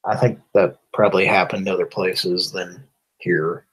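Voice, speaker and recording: A man co-hosting a live prank show, making wry, animated remarks in casual chat. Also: sits low, unhurried, husky, poor audio.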